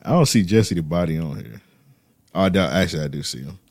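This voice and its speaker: Low-voiced man in loose slangy chat. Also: lively intonation, fast, darkish tone, no echo. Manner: loose, laid-back banter with heavy slang. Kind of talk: casual chat.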